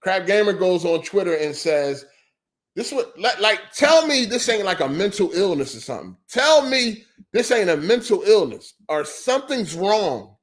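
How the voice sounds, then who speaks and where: High-voiced man on a heated rant. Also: big pitch swings, normal speed. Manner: heated, profane and repetitive, full of "you know what I'm saying"; exasperated and incredulous. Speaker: podcast host. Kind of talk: ranting gaming podcast monologue.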